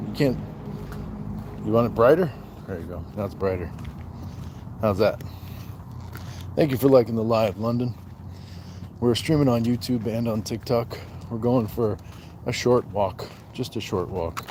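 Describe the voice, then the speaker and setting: Slow-talking man streaming on a walk. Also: medium pitch, background noise. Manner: relaxed, reads viewer comments aloud and answers them. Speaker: livestream host. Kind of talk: casual live-stream chat while walking. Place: outdoors at night. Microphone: handheld phone.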